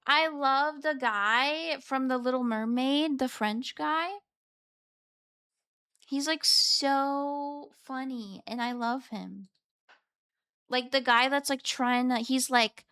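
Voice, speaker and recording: A woman's voice: sits high, sharp tone, clear, resonant tone, no echo, clean studio sound. A woman chatting casually on a live stream, reading and answering her chat in a playful, meowing way. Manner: playful, chatty, meows between chat replies.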